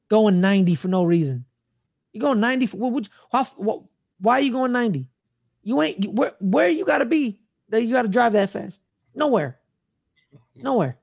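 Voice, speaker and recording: A man's voice: very high-pitched, creaky, dry recording, studio quality. A man co-hosting a sports podcast, ranting in a loose, slangy way and repeating himself. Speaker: podcast co-host. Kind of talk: casual sports chat.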